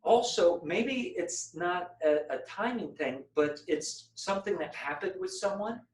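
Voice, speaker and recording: A man's voice: sits high, a little slow, reverberant, poor audio. A man leading a meditation workshop, playfully demonstrating phrases and changing his voice to model them. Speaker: meditation teacher. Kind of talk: guided group workshop.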